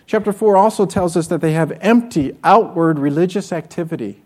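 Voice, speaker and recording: A man's voice: sits high, a little fast, a little mellow. A man preaching a sermon as pastor, earnest and direct, often asking his listeners rhetorical questions. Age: adult with children.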